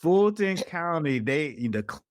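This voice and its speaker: A man's voice: a little high, very animated, a little slow, dry recording, clean studio sound. A middle-aged man, an investigative reporter telling a story in an interview and acting out the people he quotes. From Atlanta, US South.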